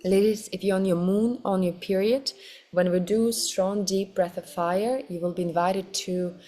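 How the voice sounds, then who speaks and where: Gentle woman guiding a yoga class. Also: medium pitch, fairly even intonation. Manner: soft, gentle, slow guiding. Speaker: kundalini yoga teacher. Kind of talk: guided yoga class instruction.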